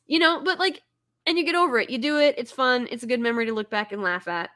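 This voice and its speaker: A woman's voice: a little high, fast talker, bright, forceful tone. A woman chatting enthusiastically about a favorite movie, full of fillers and restarts. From Texas. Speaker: host. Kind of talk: casual movie commentary.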